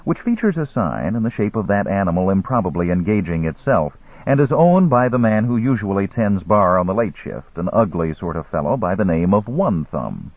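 A man's voice: low-pitched, big pitch swings, normal speed, few pauses, no room sound. A man narrating an audiobook in a wry storytelling manner, on a dry, phone-like recording. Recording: dry, phone-like narrow sound.

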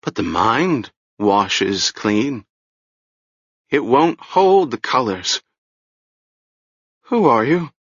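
A man voicing a ragged, half-mad old woman with a hoarse, shrill voice and a rambling, fearful way of speaking. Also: expressive, very slow, pauses often, no room sound, highs cut off, heavily acted. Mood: hoarse, haunted.

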